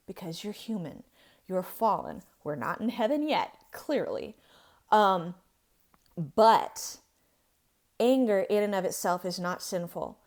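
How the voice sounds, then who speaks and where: Earnest woman teaching with rising emphasis. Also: medium pitch. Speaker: podcast host. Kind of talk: faith-based teaching talk on abuse recovery.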